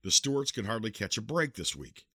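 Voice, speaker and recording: Man voicing a grim officer thinking to himself, muttered, low, dry. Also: very animated, fairly quick, sharp tone, slightly rough, no room sound, heavily acted. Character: male officer, grim inner thoughts.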